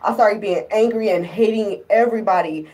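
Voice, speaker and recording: A woman's voice: medium pitch, normal speed, a little mellow, slight background noise. A woman in a casual vlog, retelling her relationship troubles in an exasperated, rambling way with lots of fillers. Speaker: vlogger. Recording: distant from the microphone.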